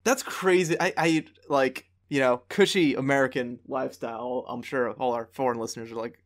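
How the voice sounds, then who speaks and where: A man co-hosting a podcast, playful and quick to laugh, stammering a little when he jumps in. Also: medium pitch. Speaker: podcast co-host. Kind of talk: casual podcast chat.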